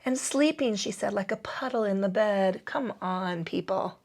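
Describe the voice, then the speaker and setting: Woman yoga instructor, gravelly voice, chatty and swearing, slightly breathless. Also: medium pitch, measured pace, a little mellow. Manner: chatty, swears casually, laughs at herself. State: breathing heavily. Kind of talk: guided yoga class with chatty asides.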